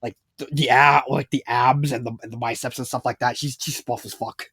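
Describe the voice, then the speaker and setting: A man's voice: medium pitch, fairly even intonation, normal speed, pushed and bright, husky, no room sound, clean studio sound. A man giving a rambling, casual spoken review, full of fillers and swearing. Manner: rambling, filler-heavy, swearing, laughs a lot. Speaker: fanfiction reviewer.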